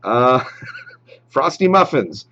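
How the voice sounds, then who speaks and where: A man hosting a live show, chatting casually and reading out viewer shout-outs. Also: medium pitch, sing-song, very slow, muffled recording. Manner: reads viewer names and approves shout-outs, chatty with fillers. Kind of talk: casual live stream chat.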